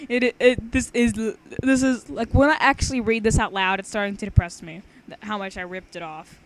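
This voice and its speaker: A young woman casually reads her own story aloud, chatting and rambling as she often stumbles and starts over. Her mid-range voice stays steady at a normal speed.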